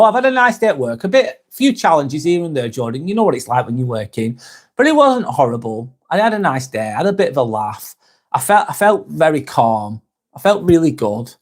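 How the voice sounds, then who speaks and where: Man, Northwest English accent, casual livestream host, chatty, reads viewer comments, swears casually, mid-pitched voice. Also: a little mellow. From Northwest England. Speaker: live vlog host reading chat.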